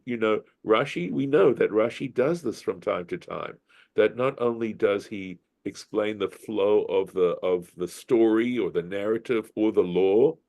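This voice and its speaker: A man leading a Bible study class, explaining Hebrew grammar slowly and thinking aloud with frequent restarts. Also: fairly low pitch, vocal fry, a little mellow, no echo.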